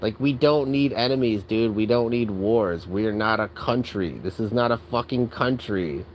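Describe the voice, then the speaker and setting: A man with a lowish voice vents in an exasperated, profanity-laced rant. He speaks casually with lots of filler words. A faint hum of traffic sits behind him. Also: normal speed, poor audio. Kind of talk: angry rant.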